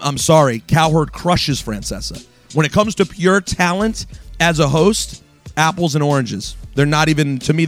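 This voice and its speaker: A man hosting a sports talk radio show, delivering an emphatic, opinionated monologue straight at his listeners. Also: a little high. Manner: emphatic, ranting, addresses listeners directly.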